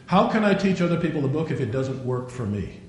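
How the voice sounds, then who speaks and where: A man's voice: a little high, sing-song, fast talker, a little mellow. An older man preaching a sermon in a folksy storytelling way, acting out dialogue and prayers. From Norwegian. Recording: very echoey room, faint noise.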